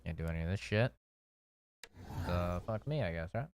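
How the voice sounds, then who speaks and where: A man's voice: low-pitched, expressive, normal speed, soft background music. A young adult man casually commentating a video game, swearing freely and reading on-screen text. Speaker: streamer.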